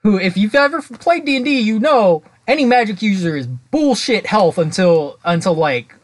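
A man's voice: high-pitched, expressive, moderate pace, no room sound. A man co-hosting a casual podcast, mostly giving short reactions and wry questions. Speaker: podcast co-host.

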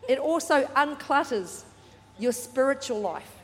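A woman pastor preaching a sermon in a church, chatty and animated, with joking asides. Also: high-pitched, measured pace, big-room sound. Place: large church hall.

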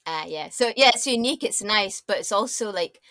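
A young woman with a mixed accent that people often hear as American, talking casually as an interview guest. She laughs often and talks in loose sentences full of "like" and restarts. The recording is dry and close, at middle pitch. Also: expressive, a little fast, bright, forceful tone, no room sound. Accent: mixed, often taken for American or Canadian. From born in Dubai, raised in Scotland. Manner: chatty, laughs often, many likes and restarts. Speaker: guest, designer.

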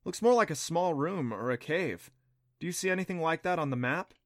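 A man's voice: on the high side, lively intonation, brisk, no room sound, studio quality, pitched above the performer's own voice, lightly acted. A man voicing a cautious, earnest boy in an audiobook, speaking in a lifted, tense voice. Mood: eager. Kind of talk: audiobook character voice.

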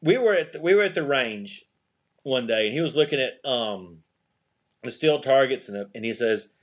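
A man's voice: mid-range voice, lively intonation, moderate pace. A man telling rambling anecdotes as a podcast guest, often restarting his sentences and chuckling. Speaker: podcast guest, eyewear company CEO. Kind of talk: casual storytelling interview.

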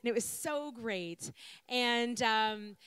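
A woman delivers a reflective talk in an earnest, unhurried way, stacking up repeated phrases as she builds her point. Her voice is high and smooth, and it is recorded close with a dry sound. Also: a bit bright, no room sound. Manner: earnest, repetitive, building rhetorical lists. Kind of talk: reflective sermon-style talk.

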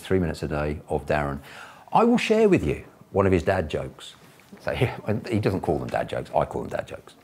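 Man, business mentor, deep husky voice, lively, chatty advice. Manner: chatty, enthusiastic storyteller. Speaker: property investor and business mentor. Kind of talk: casual advice to camera.

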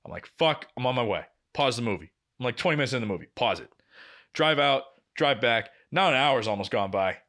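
A man's voice: mid-range voice, animated, a little fast, fairly bright tone. A young man co-hosting a podcast, telling a long story in casual chat and swearing often. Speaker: podcast co-host.

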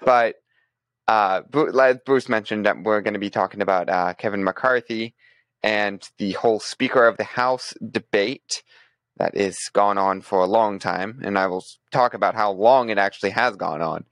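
Male podcast co-host, low dry voice, casual and rambling delivery. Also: moderate pace, fairly bright tone, dry recording. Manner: thinks aloud, frequent restarts and fillers. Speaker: podcast co-host presenting news.

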